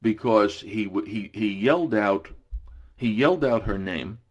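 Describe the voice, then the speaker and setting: A man's voice: on the low side, measured pace, lo-fi sound. A man in his forties telling casual anecdotes on radio, rambling with many fillers and restarts. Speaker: radio guest storyteller.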